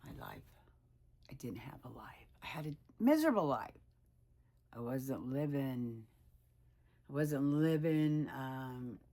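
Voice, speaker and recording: A woman's voice: rumbling low, big pitch swings, slow, pauses often, dark tone. A woman in her sixties talking candidly in a personal vlog, reflective and rambling, sometimes dropping to a whisper. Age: 60s. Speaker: weight loss vlogger.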